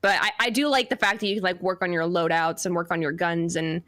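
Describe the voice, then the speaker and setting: A woman's voice: lowish voice, fairly even intonation, fast talker, a bit bright. A woman on a gaming podcast panel, chatting with many fillers. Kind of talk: casual chat.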